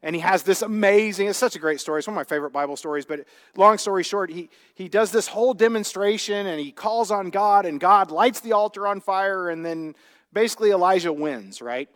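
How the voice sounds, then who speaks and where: A man preaching from the pulpit with a notably high voice. He talks to the congregation conversationally and keeps asking them rhetorical questions. His voice echoes with the long reverb of a church sanctuary. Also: a little fast, fairly bright tone. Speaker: pastor. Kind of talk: sermon.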